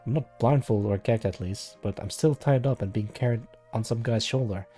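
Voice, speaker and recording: A man's voice: fairly low pitch, normal speed, mellow, faint music behind. A man reading a web novel aloud on a live stream, narrating in the first person with casual asides and self-corrections. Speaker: live-stream story reader.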